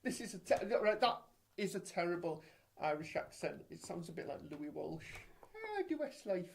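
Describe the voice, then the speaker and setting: A man's voice: a little high, normal speed, gravelly. A British man co-hosting a podcast, chatting in a rambling, sarcastic way. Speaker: podcast co-host. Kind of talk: casual chat.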